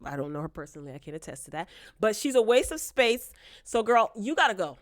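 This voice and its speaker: A woman's voice: medium pitch, very animated, fast talker, dry recording. Young woman ranting about a reality show, sassy and blunt, dry close sound. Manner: sassy, blunt, playfully shady. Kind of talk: casual opinionated review vlog.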